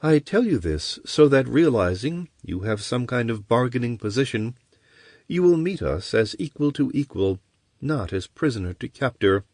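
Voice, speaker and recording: A man's voice: mid-range voice, very animated, normal speed, darkish tone, no room sound, clean studio sound, pitched above the performer's own voice. Chryseis, a cynical seductive sorceress voiced by a man. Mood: earnest. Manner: silky and coaxing.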